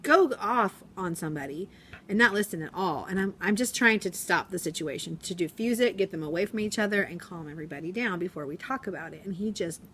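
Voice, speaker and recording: A young woman teacher films a casual, rambling vlog on her phone in a classroom, acting out her students' words in voices. She speaks a little fast in a lowish, animated, fairly bright voice, over slight background noise.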